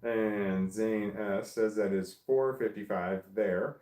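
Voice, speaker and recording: A man's voice: on the low side, fairly even intonation, slow, warm tone, roomy sound. A man casually reading live stream comments aloud and musing on each one. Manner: reads comments aloud and muses on them.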